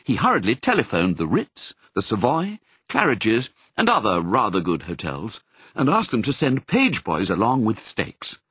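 Man narrating a storybook, husky and very animated, dry booth sound. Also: lowish voice, normal speed, dry recording. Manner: expressive, storytelling. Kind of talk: audiobook reading.

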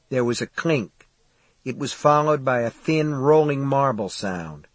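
A man narrates an audiobook in a steady, measured storytelling voice pitched in the mid range, recorded with no echo.

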